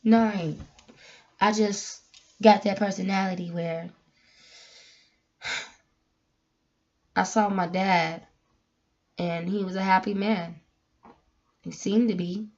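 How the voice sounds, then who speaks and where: A woman giving a candid, emotional personal message, moving between soft, quiet lines and loud, emphatic ones. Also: mid-range voice, steady tone, slow, long pauses, dull audio. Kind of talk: heartfelt personal talk, sermon-like.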